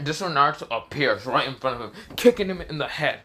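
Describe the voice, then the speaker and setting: A man tells a fan-made story in a loose, rambling way. He keeps stopping himself with fillers and restarts. His voice is bright and forceful. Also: medium pitch, lively intonation, quick pace. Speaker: narrator. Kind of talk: casual fan story narration.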